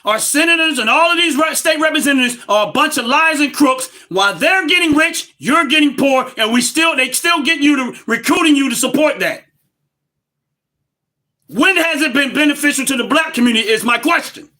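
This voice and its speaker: Man, very high voice, bright and forceful, loud repetitive livestream rant. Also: animated, a little fast. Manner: loud, emphatic and repetitive, laughs between points. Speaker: livestream host.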